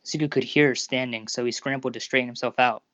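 A narrator reading fan fiction aloud in a steady, even manner over a Discord call. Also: medium pitch, fast talker, dry recording. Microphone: Discord voice call recording. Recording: dull lo-fi Discord audio.

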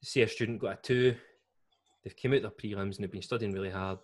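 A young Scottish man with a slightly low voice, co-hosting a podcast. He talks in a loose, jokey, chatty way and laughs often. The delivery is casual and conversational. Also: steady tone, quick pace. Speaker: podcast co-host. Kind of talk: casual chat.

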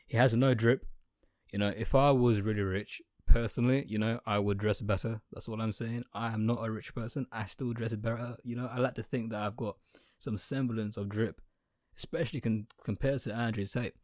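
A man's voice: on the low side, steady tone, moderate pace, darkish tone, dry recording, studio quality. A young man, ranting sarcastically on his podcast from his room, swearing freely and trailing off into mumbled asides. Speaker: podcast host. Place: home room.

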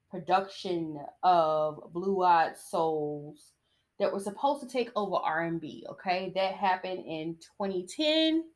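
In a casual solo monologue on her own podcast, a young female host speaks with a soft, low-key delivery. She adds blunt asides that are opinionated and heavy on slang.

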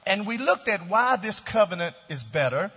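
A man's voice: high voice, big pitch swings, moderate pace, pushed and bright, husky. A man preaching a sermon as pastor, leading his congregation in call-and-response declarations. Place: church sanctuary. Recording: dull lo-fi church hall recording with long reverb.

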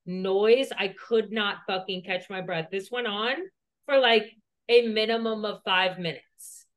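A woman's voice: mid-range voice, steady tone, unhurried, a bit bright. A woman co-hosting a podcast, telling a personal story in a rambling, profane way, full of "like". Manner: profane, rambling, heavy use of "like". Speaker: podcast co-host.

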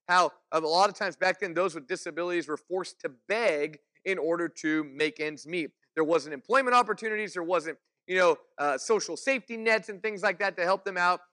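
A man's voice: high-pitched, sharp tone. A man preaching a sermon in a conversational way, explaining and asking the listeners questions.

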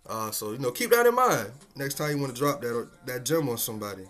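A man's voice: mid-range voice, animated, quick pace, fairly bright tone. A man hosting a casual solo podcast, talking in a laid-back, slangy and profane way and chuckling often. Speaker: podcast host.

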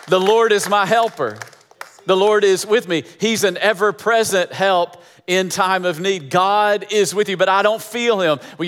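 Male pastor, high voice, emphatic repetitive sermon delivery, hall reverb. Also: fairly bright tone, slight background noise. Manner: emphatic, repeating phrases for effect.

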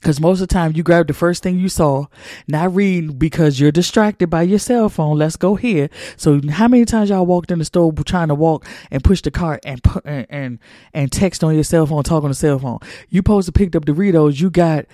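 A man with a notably high, mellow voice preaches to his listeners in a dry, close-miked sound. He talks in a colloquial, emphatic way, repeating phrases for effect. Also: moderate pace, dry recording. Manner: emphatic, colloquial, repetitive street-preacher cadence. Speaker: podcast host. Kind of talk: preaching monologue.

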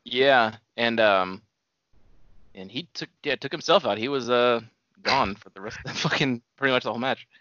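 A man's voice: medium pitch, normal speed, sharp tone, no echo, muffled recording. A man chatting casually as co-host, laid-back, mostly short remarks with casual swearing. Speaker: podcast co-host. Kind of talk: casual chat.

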